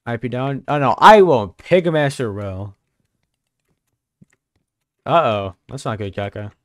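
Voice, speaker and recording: A man's voice: mid-range voice, takes it slowly, dry recording, studio quality. Joking young male live streamer. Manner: joking, teasing chat banter. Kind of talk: casual live-stream chat.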